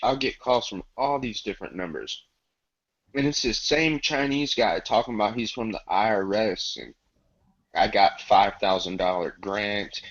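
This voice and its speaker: A man's voice: fairly low pitch, normal speed, a bit bright, lo-fi sound. A man telling stories in casual chat, loose and profane, often laughing.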